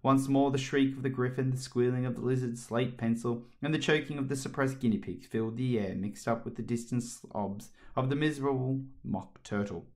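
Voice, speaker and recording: A man narrating a children's story aloud with a steady, expressive read and the odd slip. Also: medium pitch, a little fast, hardly any pauses. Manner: steady, expressive reading with small slips.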